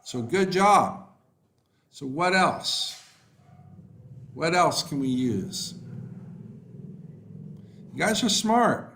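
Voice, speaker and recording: Unhurried, encouraging male online tutor. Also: a little high, expressive, a bit bright. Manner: encouraging, praises students by name, unhurried with fillers. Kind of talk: live online class, reading chat replies.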